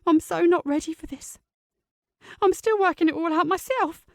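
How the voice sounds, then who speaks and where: A woman voicing an upset teenage girl, speaking high and quick in an audiobook. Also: vocal fry, no room sound, studio quality. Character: distressed teenage girl, tearful and defiant.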